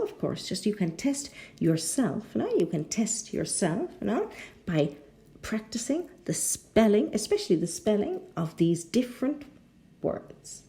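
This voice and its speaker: Woman, English teacher, pronunciation lesson, mellow tone, animated pitch, repeats words carefully. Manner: repeats words slowly, checks in with "no?".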